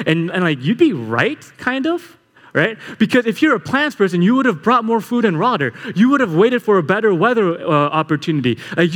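A young man telling a story to a live audience, energetic and full of "like" fillers. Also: high voice. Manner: energetic, filler-heavy with constant "like". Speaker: speaker at a live talk. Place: large hall. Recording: echoey hall reverb.

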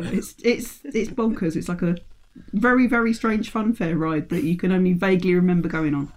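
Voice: medium pitch, steady tone, normal speed. A podcast co-host in casual film discussion, telling it playfully with frequent giggles.

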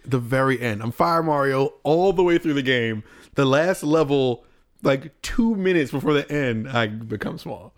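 A young man co-hosting a casual podcast chat, animated and swearing freely. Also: mid-range voice, a little slow. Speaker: podcast co-host, streamer.

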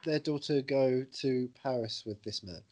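A man's voice: mid-range voice, moderate pace, dark tone. Wry swearing man on a film podcast. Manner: wry, joking, swears freely. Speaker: podcast co-host. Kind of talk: casual film chat.

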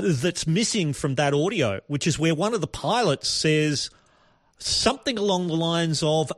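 Male podcast host, fairly high voice, dry close mic, thoughtful and rambling. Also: dry recording. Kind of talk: casual commentary.

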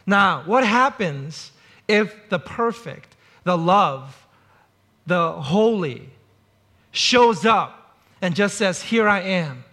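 A man with a high, bright voice preaches to his congregation. He talks in a relaxed, conversational way, slipping into short acted-out quotes to make his points. He sounds middle-aged. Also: extremely slow, long pauses. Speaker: pastor. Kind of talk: sermon.

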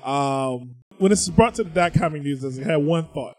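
A man co-hosting a comedy podcast in casual chat, loud and joking, often laughing. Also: a little fast. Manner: high-pitched. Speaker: podcast co-host.

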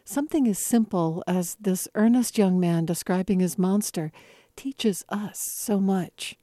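A woman with a mellow, warm-toned voice leads an interview. She asks questions and praises what she hears. The recording is dry and close. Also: medium pitch, a little slow, no room sound. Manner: appreciative, enthusiastic questions. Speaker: interviewer, host.

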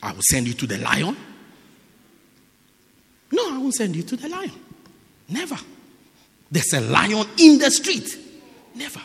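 A male pastor preaching a lively sermon in a church, acting out people's excuses and breaking into shouts. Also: extremely high pitch, vocal fry. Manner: animated, mimics excuses, bursts into shouts. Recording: echoey church hall.

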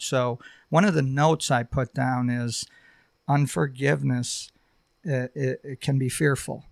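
Gravelly man telling a heartfelt story. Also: mid-range voice, little pitch movement, dry recording. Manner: halting, heartfelt storytelling with many fillers. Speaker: podcast guest. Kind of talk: personal testimony on a podcast.

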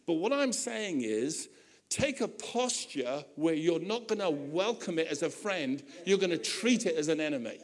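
A man preaching to his congregation, his voice sitting high and swinging widely as he builds his points. He talks conversationally, slipping into joking asides and playful voices for the people in his stories. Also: moderate pace. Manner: animated preaching with humorous asides. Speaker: pastor. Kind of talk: sermon.

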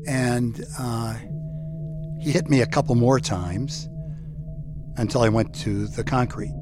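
A man telling a personal story in a reflective, halting way. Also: medium pitch. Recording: music bed underneath.

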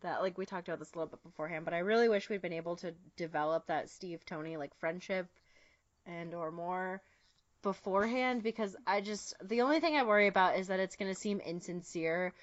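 Giggly young woman chatting fast. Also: fairly low pitch, no room sound, lo-fi sound. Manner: giggly, quick, gushing fan talk with many fillers. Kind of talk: casual chat.

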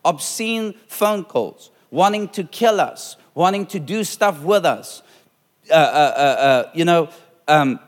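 A middle-aged male pastor preaching to his congregation in a slightly high voice, hammering each point with repetition. His words ring out with a long reverb from the church hall around him. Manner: emphatic preaching with repeated phrases and rising force. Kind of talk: sermon.

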